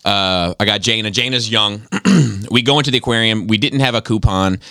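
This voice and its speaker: Low bright-toned man telling stories. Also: fairly quick, no room sound, clean studio sound. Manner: profane, animated storyteller. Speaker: podcast host. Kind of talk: casual storytelling chat.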